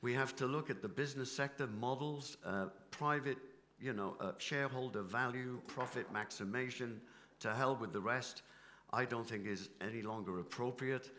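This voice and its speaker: Middle-aged British union leader, impassioned debate speech, bright edge to the voice. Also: male voice, medium pitch, normal speed, a little hiss or hum. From Britain. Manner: passionate, rhetorical, builds with repetition. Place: conference hall stage.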